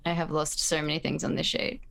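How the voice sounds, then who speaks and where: A woman talks as a player at a tabletop game, relaxed and chatty. Her voice sits low and has a gravelly fry to it. She speaks easily, with an unhurried manner. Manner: laid-back, chatty. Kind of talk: casual chat at a tabletop game.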